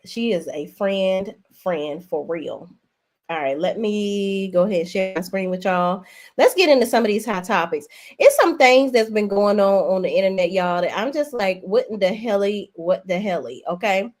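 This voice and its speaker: A woman hosting a casual livestream, talking to viewers at a desk mic. She keeps it sassy and chatty, with a voice of ordinary middle pitch. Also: lively intonation, normal speed. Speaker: livestream host.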